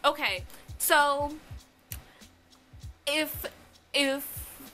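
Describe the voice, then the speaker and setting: A young woman chatting casually in a dreamy, lovestruck ramble. Her voice is very bright and sharp, a touch high, and she speaks slowly. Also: soft background music. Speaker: vlogger. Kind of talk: casual concert recap chat.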